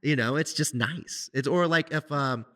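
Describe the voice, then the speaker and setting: A man co-hosting a podcast, talking in a casual, animated way with many restarts. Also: fairly high pitch, moderate pace. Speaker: podcast co-host, musician. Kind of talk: casual conversation.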